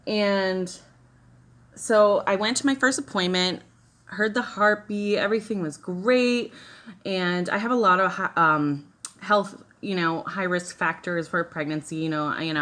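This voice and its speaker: A beauty vlogger and mother chats casually through a makeup tutorial while telling a personal story, rambling with lots of "like" and "you know." Her voice is lowish, bright, and forceful in tone.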